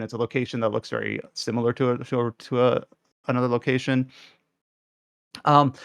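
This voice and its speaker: A man's voice: mid-range voice, no room sound, studio quality. Chatty man giving a game review. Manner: rambling, lots of "like" fillers and restarts. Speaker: podcast co-host reviewing games. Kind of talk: casual review chat.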